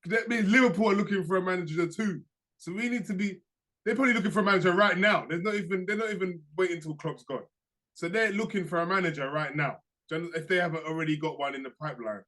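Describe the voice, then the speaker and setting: A young man talks casually on a podcast, his voice pitched high and sounding bright and forward. He tells stories in animated, slangy bursts, laughing through his anecdotes. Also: fast. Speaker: podcast co-host. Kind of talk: casual chat.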